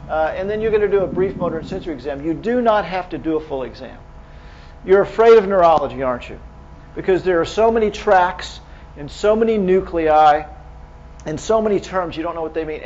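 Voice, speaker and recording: A man's voice: sits high, darkish tone, a little hiss or hum. Man lecturing clinicians, lo-fi hall recording. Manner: conversational, asks the audience rhetorical questions. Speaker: medical lecturer.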